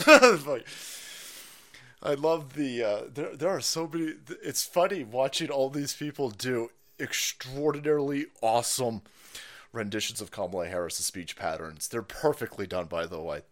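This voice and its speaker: A man's voice: mid-range voice, normal speed, a bit bright. A man ranting sarcastically on a livestream, profane and laughing often. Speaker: political commentary streamer.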